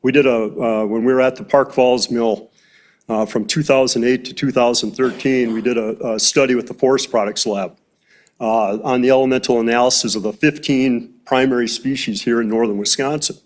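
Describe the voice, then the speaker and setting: A man's voice: medium pitch, steady tone, moderate pace. Plain-spoken man with a mid-range voice. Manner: plain-spoken, many "uh" fillers. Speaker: forestry company president. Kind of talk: public remarks at a county board meeting.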